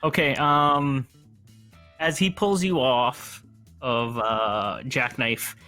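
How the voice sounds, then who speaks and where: Male GM, mid-pitched, stumbles and restarts while narrating a tabletop game. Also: fairly even intonation, sharp tone, faint music behind. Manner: halting, full of fillers and restarts. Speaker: game master.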